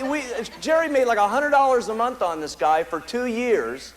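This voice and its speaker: An American founder at his company's meeting speaks in an extremely high pitch with lively intonation, brisk and with hardly any pauses. His motivational speech to the live audience is emphatic and repetitive, and he tells stories throughout. The recording is rough.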